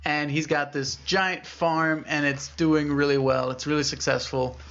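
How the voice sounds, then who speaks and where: A man's voice: unhurried, lo-fi sound. Young man telling a spooky story. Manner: animated storyteller, acts out characters with raised pitch. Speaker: podcast co-host. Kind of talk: casual podcast chat.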